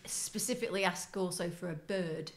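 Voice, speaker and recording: A middle-aged woman co-hosting a podcast, telling stories in a chatty way and laughing often. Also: on the low side. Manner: chatty, storytelling, quick to laugh. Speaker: podcast co-host. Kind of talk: casual chat.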